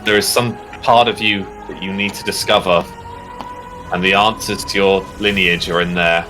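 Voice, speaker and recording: A man's voice: sits low, fairly even intonation, moderate pace, over music, natural voice. Man doing a small, earnest young girl.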